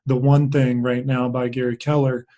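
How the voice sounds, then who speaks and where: A man's voice: mid-range voice, level tone, moderate pace, dark tone, dull audio. A man hosting a podcast in casual interview chat, easygoing and affirming. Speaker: podcast host.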